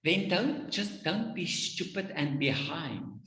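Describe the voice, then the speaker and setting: Man, parenting speaker, lively emphatic delivery, preachy repeated commands; roomy long-reverb hall sound. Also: on the high side, takes it slowly, gravelly. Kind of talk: advice talk with anecdotes. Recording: echoey room with long reverb.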